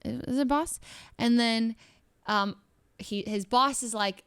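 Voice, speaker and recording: A young woman telling a story in a casual, rambling way. She often laughs and acts out the people she quotes in a higher voice. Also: slow, fairly bright tone, smooth, no echo, clean studio sound. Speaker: streamer.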